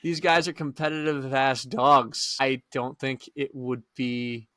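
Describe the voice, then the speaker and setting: A man co-hosting a sports podcast, giving laid-back, drawn-out opinions in casual chat. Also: medium pitch, fairly even intonation, pushed and bright, no echo, clean studio sound. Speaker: podcast co-host and high school coach.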